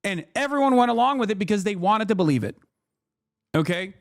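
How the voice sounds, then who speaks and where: A man's voice: high-pitched, expressive, a little fast, gravelly, no echo, clean studio sound. A man, ranting and swearing as he comments on a livestream. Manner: heated, ranting, swears often. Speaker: streamer.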